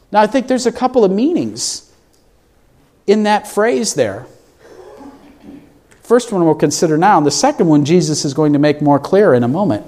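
Male pastor, high voice, preaching, questions the congregation. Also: normal speed, pauses often. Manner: asks the congregation questions, animated. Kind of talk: sermon.

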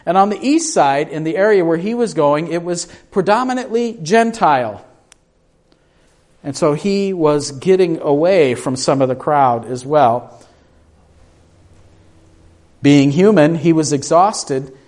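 A man preaching with a slightly higher voice than most men. He keeps asking his listeners questions and voices the people in the story himself. He moves between hushed moments and raised, urgent ones. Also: lively intonation, a little slow, long pauses. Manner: asks the congregation questions, acts out quoted voices. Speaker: pastor. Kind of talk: sermon.

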